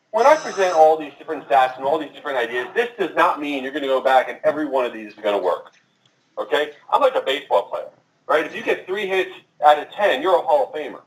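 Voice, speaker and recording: A man giving a marketing presentation at a conference, talking fast and addressing the audience directly. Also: on the high side, expressive. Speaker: conference speaker. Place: conference room. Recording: echoey and distant from the mic.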